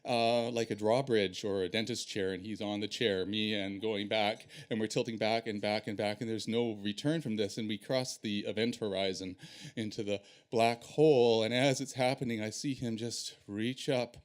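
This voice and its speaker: A man telling a personal story on stage in an animated, self-deprecating way. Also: on the low side, moderate pace.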